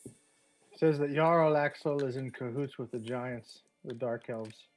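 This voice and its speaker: A man's voice: mid-range voice, a little slow, soft background music, poor audio. A man playing a tabletop game, talking in a joking, offhand way. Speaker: player. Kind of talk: tabletop role-play.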